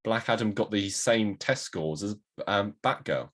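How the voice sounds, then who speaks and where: A man's voice: on the low side, a little slow, fairly bright tone. A man co-hosting a podcast in casual chat, joking and playful, talking over a video call. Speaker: podcast co-host.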